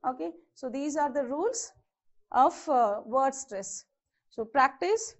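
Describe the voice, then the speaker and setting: This grammar lesson comes from a patient woman teacher whose high voice moves slowly with lively intonation. She repeats words and asks "okay" to check in, and the lesson audio is lo-fi, slightly dull and muffled.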